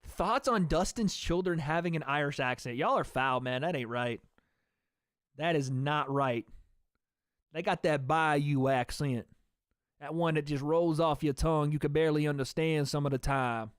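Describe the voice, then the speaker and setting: A young man calls a fight live for his stream chat in a slangy, unfiltered way. His voice sits a little high and comes through smooth and resonant, recorded dry and close. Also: moderate pace, dry recording. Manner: loose and slangy, swears, talks back to chat. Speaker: streamer hosting a fight watch party.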